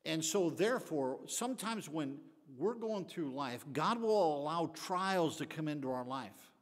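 An older man, the pastor, teaching a Bible study in a folksy preaching style, rising to emphatic bursts and then dropping to quiet asides. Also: on the high side, expressive, a little slow, hardly any pauses. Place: church sanctuary. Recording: long echoey hall reverb.

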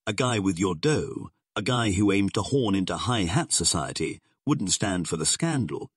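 A man's voice: low voice, expressive, normal speed, slightly rough, no room sound, clean studio sound, heavily acted. A man voicing a sardonic male gangster boss who drawls his threats in slang. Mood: menacing.

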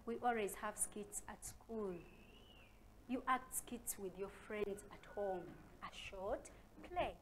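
A woman with a Ugandan accent teaching a reading lesson to young children, sounding out syllables slowly and calling out each sound with loud emphasis. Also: medium pitch, a little hiss or hum. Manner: slow, sounds out syllables with loud stressed calls. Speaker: primary school teacher.

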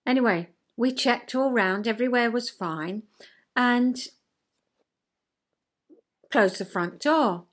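A woman's voice: a little high, takes it slowly, pauses often. An older woman hosting a casual chat, telling stories expressively in a homely way. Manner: expressive storyteller, acting out dialogue, homely. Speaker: host.

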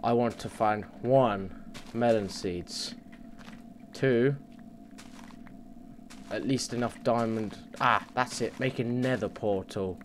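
A man's voice: mid-range voice, slow pace, long pauses, slight background noise. Rambling, cussing let's play guy. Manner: rambling, swears freely, talks to himself. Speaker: gaming channel host. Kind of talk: casual let's play commentary.

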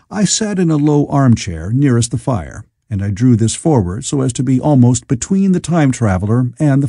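A man narrating an audiobook in a measured, expressive way. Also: medium pitch, husky, no room sound, studio quality. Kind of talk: scripted narration.

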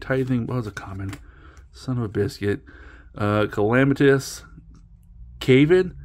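Brief: male channel host, mid-pitched, loose self-mocking commentary while cracking packs. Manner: rambling, self-mocking, stumbles over card names. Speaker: card-opening channel host. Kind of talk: casual pack-opening commentary.

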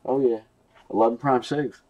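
A man's voice: mid-range voice, steady tone, normal speed, warm tone, dry recording, low-quality recording. A young man hosting a live card break stream, casually rambling and reading off names and card numbers.

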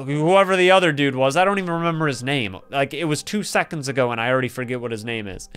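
An excitable young man reads game story dialogue aloud and reacts to every turn. His voice sits a little high and comes through smooth and clear. Faint music plays underneath. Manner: excitable, laughs and gasps often. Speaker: gaming YouTuber.

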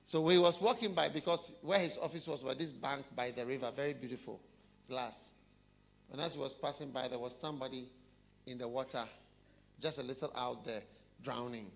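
A man preaching a sermon, telling a story and putting questions to his listeners, often dropping low and quiet. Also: steady tone, moderate pace.

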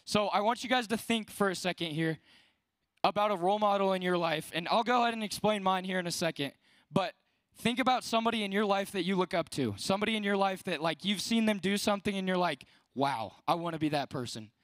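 A late-teen young man gives a casual youth sermon as a student speaker at a youth service. His high, fairly bright voice moves fast and conversationally, packed with "like," in a dry recording.

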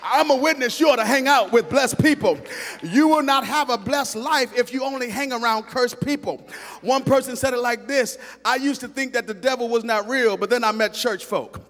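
A man preaching a sermon as a guest preacher, with a sing-song, rhythmic cadence, repeated phrases and frequent "uh" fillers, rising at times into shouts. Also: very high-pitched, moderate pace, in a large hall, a little hiss or hum. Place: church sanctuary.

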